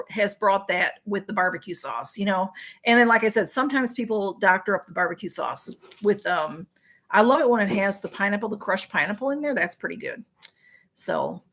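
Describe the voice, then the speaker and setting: A woman's voice: medium pitch, fairly bright tone. A middle-aged woman with a Southern US accent, chatting casually with viewers on a livestream and reading out their comments in a rambling way. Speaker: livestream host. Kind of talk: casual live chat with viewers.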